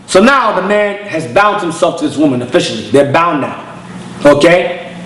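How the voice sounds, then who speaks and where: A man's voice: sits high, expressive, normal speed, a bit bright, roomy sound, poor audio. A man, an elder of his congregation, preaching bluntly in street slang and telling stories with acted-out voices. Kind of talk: preaching lecture with storytelling.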